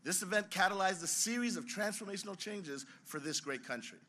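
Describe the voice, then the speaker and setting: A man speaks at a ceremony with a bright, forceful tone and a slightly raised pitch. He tells his story dramatically, leaning hard on key words to rouse the crowd. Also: lively intonation, brisk. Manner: dramatic storytelling, emphatic and rousing. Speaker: science museum president giving a speech. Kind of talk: formal ceremonial speech.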